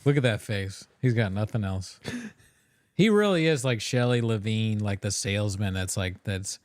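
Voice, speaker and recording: A man's voice: on the low side, expressive, normal speed, darkish tone, no room sound, clean studio sound. A man co-hosting a casual livestream, joking crudely and laughing often as he reacts to clips.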